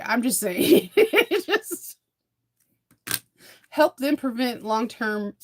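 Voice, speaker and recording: A woman's voice: fairly high pitch, very animated, unhurried. A woman, chatting casually to her viewers in a sewing vlog, laughing often and repeating words as she restarts. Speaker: sewing and bag-making vlogger.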